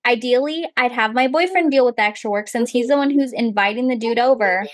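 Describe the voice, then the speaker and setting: A young woman co-hosts a casual podcast, reading a listener's story aloud and jumping in with quick reactions. Her voice sits fairly high, and the sound is close and dry with no room echo. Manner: expressive, laughs often, quick reactions. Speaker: podcast co-host.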